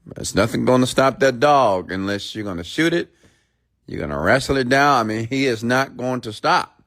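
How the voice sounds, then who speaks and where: A man's voice: medium pitch, animated, moderate pace, a bit bright. A man hosting a live stream, ranting bluntly and preachily at his viewers, often checking in with "okay?" and reading out their comments. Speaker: host.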